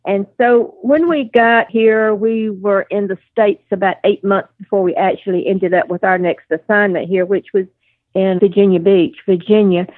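A woman's voice: medium pitch, steady tone, normal speed, no echo. Older woman, Southern accent, storytelling guest, dry tinny phone sound. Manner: storytelling, warm anecdotes with fillers. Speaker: guest, adoptive mother. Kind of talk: conversational interview.

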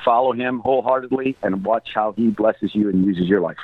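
A man's voice: on the low side, a little fast, no room sound. A middle-aged American man telling a story earnestly as an interview guest, devout in his speech. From United States. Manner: earnest, devout, prays aloud. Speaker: guest, humanitarian aid worker. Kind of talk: storytelling in a conversation. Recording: tinny phone-like line.

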